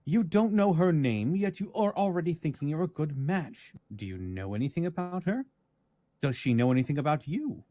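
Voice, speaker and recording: A gentle, loving lady who writes advice letters, voiced by a man. Her reading is earnest and lilting, with lively pitch that rises and falls. The sound is dry and close. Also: moderate pace, dry recording, lightly acted. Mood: caring.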